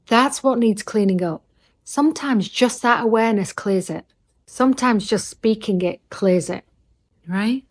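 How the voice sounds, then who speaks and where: An earnest middle-aged woman speaks as a relationship coach, talking straight to her listener. Her voice sits at an ordinary pitch and grows intimate, now and then sinking to a soft near-whisper to stress a point. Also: unhurried. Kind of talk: heartfelt advice monologue.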